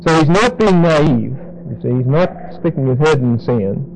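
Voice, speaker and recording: A man teaching a Bible study to a congregation, explaining word meanings and repeating key words slowly for emphasis. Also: mid-range voice, expressive, gravelly, darkish tone, a little hiss or hum, rough recording.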